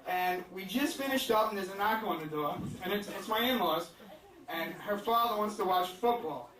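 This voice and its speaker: A man's voice: high voice, animated, moderate pace. A male stand-up comedian rambling through a crude, self-deprecating set with lots of fillers. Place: comedy club stage with a laughing crowd. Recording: echoey club, distant mic, loud crowd laughter.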